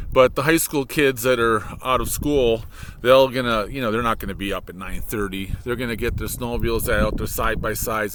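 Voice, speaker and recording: Walking outdoors on a frozen lake covered in snow, a vlogger and high school worker talks casually in a Michigan accent, wandering off topic and fixing his own words. His voice sits at medium pitch with a fairly bright tone. He holds a laptop as his mic, so the recording is low quality with a little background noise.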